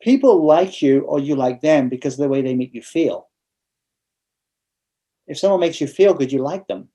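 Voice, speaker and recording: A man's voice: fairly high pitch, very animated, moderate pace, dark tone. A man with an English accent, a guest in a casual interview, telling stories bluntly with frequent restarts. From England.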